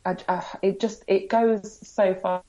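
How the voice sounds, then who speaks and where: A woman's voice: mid-range voice, steady tone, unhurried, dark tone, highs cut off. A woman with an English accent, a blogger guest speaking candidly and with self-deprecating humour in a casual interview.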